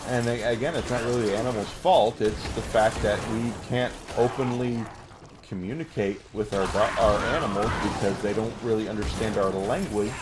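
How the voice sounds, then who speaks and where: A man's voice: on the low side, moderate pace, background noise. A man chatting casually while playing a video game, rambling with lots of fillers. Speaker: gamer. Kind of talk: casual gameplay commentary.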